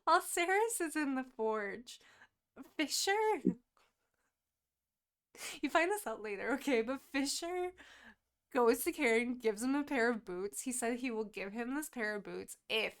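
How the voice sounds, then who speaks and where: A young woman recapping a book in casual podcast chat, animated and laughing, swearing freely as she quotes the characters. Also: on the high side, normal speed. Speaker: podcast co-host.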